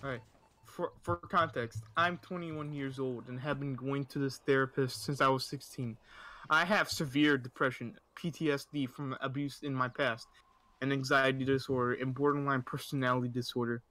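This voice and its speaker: A man's voice: medium pitch, steady tone, normal speed, pushed and bright, dry recording. A young man hosting a comedy podcast, reading stories aloud in a casual, joking way. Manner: reads aloud with acted voices, joking.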